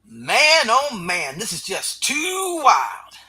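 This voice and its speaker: Bright, playful man chatting. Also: high-pitched, wildly swooping pitch, slow, breathy edge. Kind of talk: casual chat.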